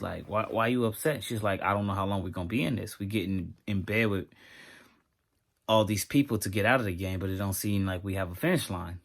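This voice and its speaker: A man giving a casual reaction review of a TV episode, talking straight to his viewers in an animated way. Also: on the low side, husky.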